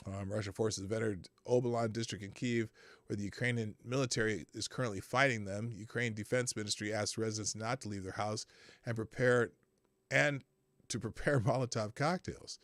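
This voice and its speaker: A man hosting a live political commentary show, animated, sarcastic and profane as he reads out the news. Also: medium pitch, moderate pace, vocal fry, dry recording. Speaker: host.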